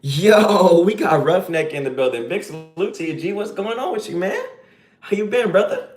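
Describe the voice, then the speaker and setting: A man's voice: sits high, big pitch swings, moderate pace, a little mellow, roomy sound, faint music behind. Man ranting emphatically on a live stream. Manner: preachy, emphatic, slangy. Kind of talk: casual live-stream rant.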